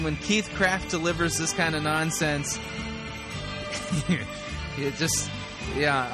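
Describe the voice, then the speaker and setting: A man hosting a podcast that reviews sermons, talking in a wry, sarcastic way with quick asides. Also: on the high side. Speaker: podcast host.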